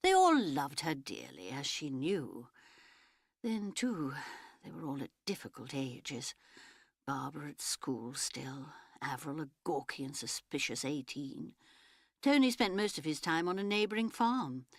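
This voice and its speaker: A woman reading a novel aloud as an audiobook narrator, measured and expressive. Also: deep voice, dry recording, clean studio sound.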